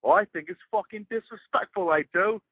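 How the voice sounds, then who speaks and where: A man's voice: sits high, brisk, no echo. A British man calling in to a podcast, ranting in a blustering, profane way. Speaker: caller. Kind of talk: comic rant over the phone. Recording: tinny phone line.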